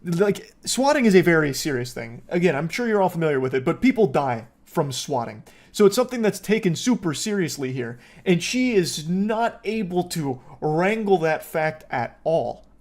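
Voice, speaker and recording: A man's voice: on the high side, very animated, moderate pace, few pauses, a little mellow. A man giving wry, sarcastic commentary on a video, laughing and swearing. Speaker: streamer reacting to video. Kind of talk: casual commentary.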